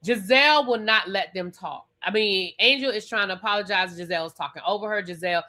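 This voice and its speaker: A woman's voice: mid-range voice, brisk, hardly any pauses, pushed and bright. A woman vlogger recapping a reality show in casual chat, emphatic and repetitive, swearing freely. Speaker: TV review vlogger.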